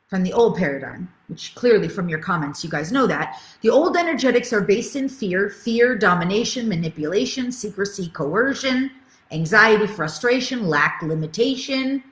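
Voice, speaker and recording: A woman's voice: mid-range voice, expressive, normal speed, reverberant. A middle-aged woman spiritual coach teaching a live webinar, enthusiastic and reading out viewer comments as she goes.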